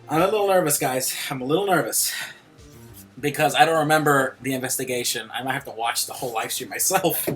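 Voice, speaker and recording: Young man, game streamer, joking, animated, bright voice, faint background music. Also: medium pitch, a little fast. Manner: joking, animated, laughs often. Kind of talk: casual game commentary.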